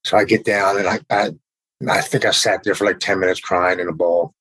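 A man's voice: low-pitched, flat delivery, fairly bright tone, breathy edge, rough recording. A man telling a personal story in a casual, earnest way, often stumbling and repeating words. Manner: earnest, halting, repeats words when emotional.

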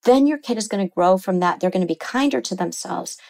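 A middle-aged woman therapist explaining things earnestly in an interview, lively when she quotes people. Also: medium pitch, brisk, creaky, low-quality recording. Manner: earnest, explanatory, animated when quoting others. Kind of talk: interview conversation.

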